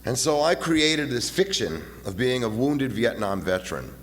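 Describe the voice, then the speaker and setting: A man in his fifties giving a halting, personal talk at a recovery meeting, often repeating his words and acting out voices as he retells. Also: mid-range voice, very animated. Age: 50s. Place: meeting hall. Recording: long hall reverb, faint hiss.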